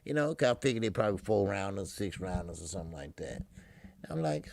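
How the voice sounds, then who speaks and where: Gravelly, profane man calling a fight. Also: sits low, quick pace, no room sound. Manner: profane, loose street-talk, laughs at himself; loud excited blow-by-blow when action starts. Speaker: boxing commentator. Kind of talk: casual live fight commentary.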